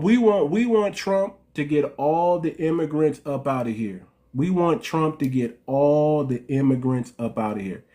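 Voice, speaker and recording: A man's voice: a little high, a little mellow. A man speaking defiantly and tauntingly on an online panel, repeating his points. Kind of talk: opinionated online panel talk.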